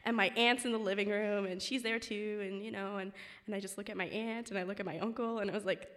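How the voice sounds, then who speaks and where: A woman's voice: medium pitch, steady tone, fast, a bit bright. A young woman telling a personal story to a live audience, chatty and full of fillers like "like" and "um". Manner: chatty, filler-heavy, many "like"s. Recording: long hall reverb.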